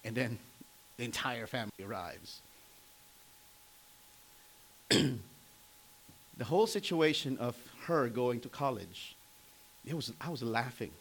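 A man in his forties preaching a sermon, telling family stories conversationally, asking the congregation questions and often clearing his throat. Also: mid-range voice, animated, measured pace, pauses often, rough recording. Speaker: pastor.

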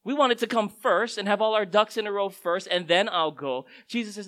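A man's voice: sits high, fairly quick, fairly bright tone, rough recording. A man preaching a sermon in a conversational, storytelling way, his voice rising and dropping for emphasis. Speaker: pastor.

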